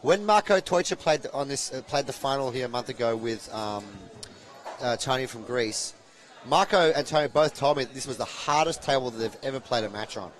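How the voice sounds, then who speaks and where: A man commentates a live pool match. He rambles and jokes, padding his talk with ums and uhs. His voice sits at an ordinary middle pitch. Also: a little fast, soft background music. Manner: chatty, rambling, jokey, with fillers.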